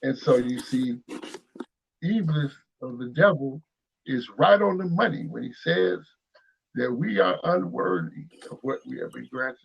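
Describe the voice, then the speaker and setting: A man speaking slowly and haltingly with many pauses, preaching on spiritual matters. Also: mid-range voice, sing-song, gravelly, slightly rough. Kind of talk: spiritual discussion. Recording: dull lo-fi sound.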